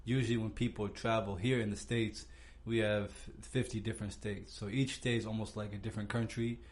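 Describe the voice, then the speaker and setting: Low-voiced male podcast host. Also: little pitch movement, fairly quick, darkish tone. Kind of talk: casual chat.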